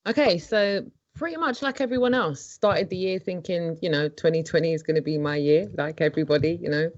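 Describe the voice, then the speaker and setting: A woman's voice: fairly low pitch, brisk, muffled recording. A woman from England with an English accent, a guest chatting casually and easily in an interview, dropping homely slang. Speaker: guest, street activist.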